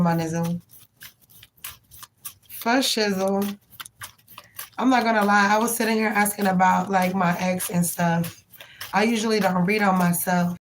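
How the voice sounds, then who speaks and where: A woman's voice: on the low side, a little hiss or hum, rough recording. A woman hosting a live tarot reading stream, chatting casually and affectionately with viewers in slang. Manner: rhythmic chanted prayer.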